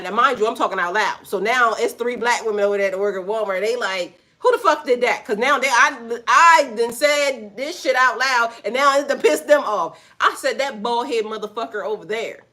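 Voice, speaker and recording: A woman with a grown son telling a story to her viewers in a blunt, profane, animated way, full of asides. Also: a little high, brisk, hardly any pauses. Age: adult with a son. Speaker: spiritual vlogger. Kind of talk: casual storytime rant.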